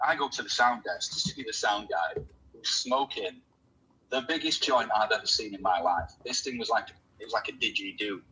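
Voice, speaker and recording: A man with a husky, slightly breathy voice, hosting a relaxed chat. He tells a story with lively energy and slips into the voices of the people in it. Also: lowish voice, normal speed, low-quality recording. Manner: animated storyteller, acts out quoted voices. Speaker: host.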